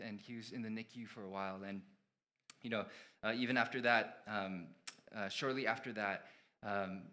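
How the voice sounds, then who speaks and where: A man in his thirties preaching a sermon, telling a personal story in an earnest, halting way with many fillers and restarts. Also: fairly low pitch, bright, forceful tone. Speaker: pastor.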